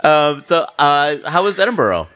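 A man's voice: a little high, very animated, normal speed, fairly bright tone, no echo. A man hosting a podcast, asking questions in a loose, joking way with lots of fillers. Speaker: podcast host. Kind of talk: casual podcast chat.

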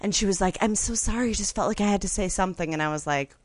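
A woman, a guest comedian, telling a story in a chatty, animated way with lots of fillers. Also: medium pitch, rapid-fire, dry recording. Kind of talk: casual anecdote telling on a podcast.

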